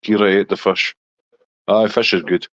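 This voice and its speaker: A Scottish man hosting a casual live chat with viewers in a relaxed, chatty way. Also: normal speed, dry recording. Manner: relaxed, chatty, talks to his dog in a high baby voice. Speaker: livestream host chatting with viewers. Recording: dull lo-fi dry sound.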